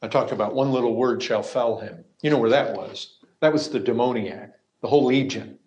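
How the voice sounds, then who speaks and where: A man preaching a sermon, emphatic, moving from raised, ringing lines to quiet, hushed asides. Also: mid-range voice, fairly quick. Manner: emphatic, swings between loud cries and hushed asides.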